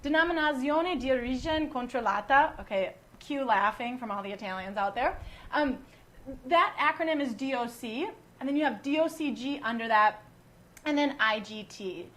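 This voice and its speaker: A woman's voice: fairly high pitch, expressive, moderate pace, fairly bright tone. A woman from the United States hosting a casual online wine class, chatty and full of teasing jokes. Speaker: wine educator and host.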